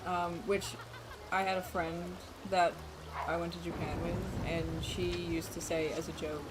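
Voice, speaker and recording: A woman's voice: fairly low pitch, level tone, a little slow. A young woman game streamer chatting casually with her live chat and laughing often between lines. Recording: noisy room ambience.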